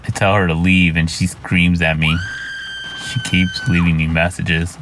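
A man's voice: low voice, wildly swooping pitch, unhurried, noisy background, heavily acted. A man voicing a haunted, bitter man who slides into terror, reading journal entries in a brooding, weary way. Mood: weary dread.

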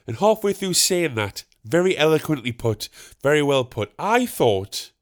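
A man's voice: medium pitch, a little slow. Young man telling a comic story. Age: young adult. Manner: animated, boastful, building to exasperated outbursts. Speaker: podcast host.

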